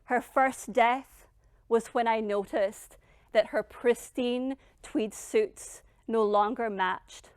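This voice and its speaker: Woman, motivational keynote speaker, middle-aged, emphatic, blunt, dramatic pauses, smooth clear tone. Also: fairly high pitch, fairly even intonation, no room sound, studio quality.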